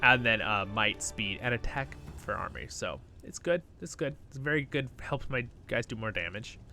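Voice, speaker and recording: Soft background music plays as a man chats casually at his computer about gameplay for his gaming channel, using a new desktop microphone. He just woke up and sounds sleepy, relaxed and rambling, often chuckling, in a mid-range voice at normal speed.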